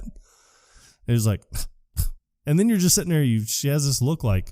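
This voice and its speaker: A man co-hosting a podcast, retelling a film scene in casual chat, quick to quote the characters. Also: mid-range voice, no room sound, studio quality. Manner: animated retelling, quick quotes, frequent laughs. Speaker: podcast co-host. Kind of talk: casual movie recap chat.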